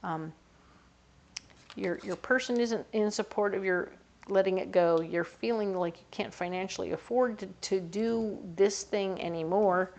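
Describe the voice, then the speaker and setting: A woman's voice: medium pitch, a little slow, a little mellow. A woman giving a casual tarot reading in a chatty, conversational way, sometimes slipping into little voices for the people she talks about. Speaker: tarot reader.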